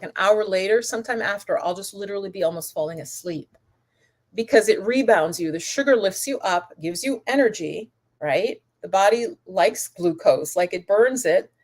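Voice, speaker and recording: A woman hosting a holistic wellness channel, chatting casually on a live stream, answering comments and calling viewers goddess and my love. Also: mid-range voice. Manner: rambling, with many restarts and asides.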